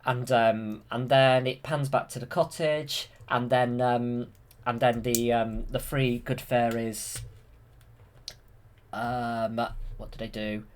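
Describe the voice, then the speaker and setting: A man's voice: mid-range voice, steady tone, takes it slowly. A man casually retelling a film from memory, hesitant, with many fillers and restarts. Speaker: channel host.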